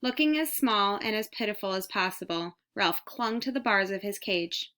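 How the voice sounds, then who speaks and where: Bright-voiced woman reading a children's book. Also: medium pitch, normal speed, smooth. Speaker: audiobook reader. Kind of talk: storybook narration.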